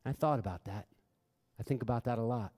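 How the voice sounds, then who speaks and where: A middle-aged man with a mellow, medium-pitched voice talks a little quickly as he delivers an impassioned address in a large hall. Serving as a humanist chaplain, he tells stories earnestly and repeats phrases to stress them. Long reverb from the hall surrounds him.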